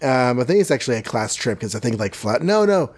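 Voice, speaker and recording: A man's voice: medium pitch, sing-song, fast, breathy edge. A man hosting a podcast, casually recapping a cartoon episode with jokes and self-corrections. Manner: rambling, self-correcting, jokey. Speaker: podcast host.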